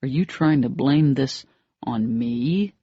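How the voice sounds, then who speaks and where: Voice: mid-range voice, takes it slowly, breathy edge, dry recording. A blunt, furious young man in an audiobook romance, as the narrator plays him, curt and cold, biting off his words. The recording is dry and a little dull. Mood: angry.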